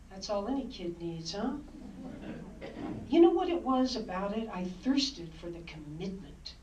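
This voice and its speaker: A woman in her sixties, an author, telling stories from her life in a lively, wry, dramatic way. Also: medium pitch, a little slow, a little hiss or hum. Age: 60s. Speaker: author and speaker. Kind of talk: storytelling talk. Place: library hall, indoors. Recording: roomy hall, distant dull mic.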